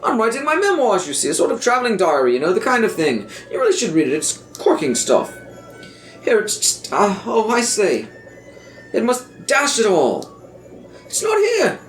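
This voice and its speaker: A man voicing a pompous, posh older gentleman traveller in a game, with a plummy manner. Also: high voice, wildly swooping pitch, moderate pace, echoey room, soft background music.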